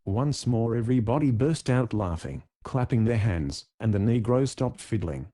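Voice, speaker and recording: A man reading an audiobook in steady, measured scripted narration. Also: mid-range voice.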